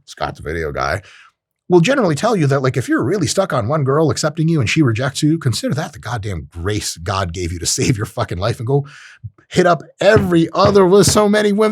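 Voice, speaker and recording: A man hosting a podcast, talking in a casual monologue, profane and animated, jumping into high-pitched voices. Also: gravelly, dry recording, studio quality. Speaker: podcast host.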